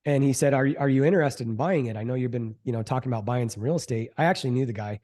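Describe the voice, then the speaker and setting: A middle-aged real estate investor, mid-range in pitch, shares how his first deal unfolded in a laid-back interview. Animated throughout, he acts out quoted voices and fills gaps with "um" and "like."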